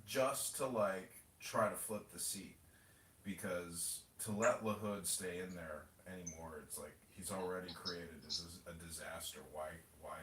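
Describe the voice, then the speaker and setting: A man's voice: low voice, fairly bright tone, recorded from a distance. A man chatting casually on a podcast, rambling and mocking with plenty of profanity. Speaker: political candidate and podcast host. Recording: roomy audio from away from the mic with faint noise.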